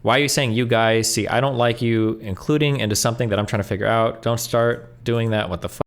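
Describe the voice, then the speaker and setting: Fast-reading man reacting to posts. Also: medium pitch, steady tone. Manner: reads text aloud quickly, with blunt asides and swearing. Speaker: streamer reacting to online posts. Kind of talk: reading messages aloud with commentary.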